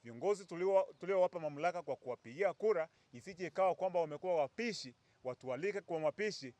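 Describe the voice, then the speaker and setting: A Kenyan-accented man with a fairly high voice gives a fiery political address, rallying young people to register and vote. The sound is close and dry, with no room echo. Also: animated, fast, a little mellow. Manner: rousing, call-and-response chants. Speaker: youth speaker at a press briefing.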